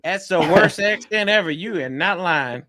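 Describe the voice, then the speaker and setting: A man joining a casual sports chat as a guest over a video call, relaxed and quick to laugh. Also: high voice, a crowd in the background.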